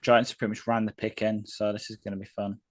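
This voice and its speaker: A man's voice: lowish voice, level tone, fast, no echo. A man co-hosting a live reaction stream, chiming in with dry, laid-back remarks. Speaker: stream co-host. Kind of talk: casual live reaction chat.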